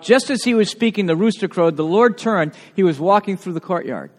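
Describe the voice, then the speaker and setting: A man with a New England accent, a pastor preaching a sermon in a lively, conversational way, full of rhetorical questions. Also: high-pitched, measured pace, long pauses. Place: church sanctuary. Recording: long church reverb.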